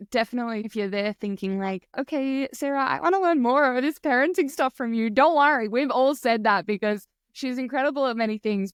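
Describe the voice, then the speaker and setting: A woman's voice: mid-range voice, clear, resonant tone, no echo, clean studio sound. A woman hosting a podcast, gushing with enthusiasm as she thanks her guest. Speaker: podcast host. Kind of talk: casual interview talk.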